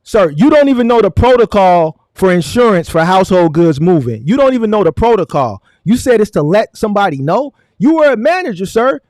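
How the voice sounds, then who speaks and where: A man's voice: extremely high pitch, no room sound. A man hosting a stream, arguing hotly and mockingly with a guest, repeating "sir" again and again. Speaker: stream host. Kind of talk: heated argument.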